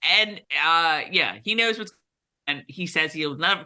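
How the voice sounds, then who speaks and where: A woman's voice: low-pitched, expressive, a little slow, pushed and bright. A woman co-hosting a casual TV recap, chatty, with many fillers and restarts. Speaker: podcast co-host.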